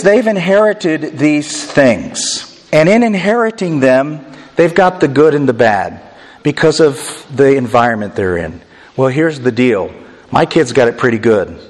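Middle-aged man, pastor preaching; earnest, self-deprecating, deliberate emphasis; reverberant church hall. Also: medium pitch. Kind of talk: sermon. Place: church sanctuary.

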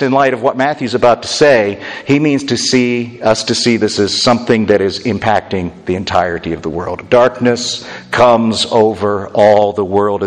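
Preaching man in an echoing hall. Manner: expository, rising to emphatic pitch when quoting. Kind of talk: sermon.

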